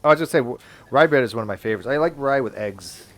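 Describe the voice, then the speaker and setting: A man's voice: medium pitch, expressive, racing, crowd noise. A man hosting a casual online hangout, rambling and stumbling over restarts as he talks. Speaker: livestream host.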